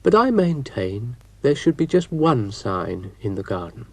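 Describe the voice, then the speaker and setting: A man playing a stubborn old man who speaks slow and deliberate, his voice rising and falling. Dry, close sound. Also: mid-range voice, sing-song, creaky, no room sound, full character voice.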